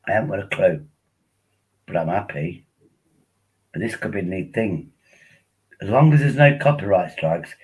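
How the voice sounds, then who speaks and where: A man's voice: fairly low pitch, breathy edge, low-quality recording. A tipsy man rambling casually as he hosts a live stream, coaxing viewers to join him on air. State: tipsy from drinking. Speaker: livestream host.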